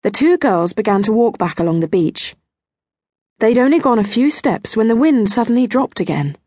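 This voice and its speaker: Woman, children's audiobook narrator, gentle expressive reading, breathy voice, dry close sound. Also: fairly high pitch, no room sound. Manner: gentle and expressive, slowing on details.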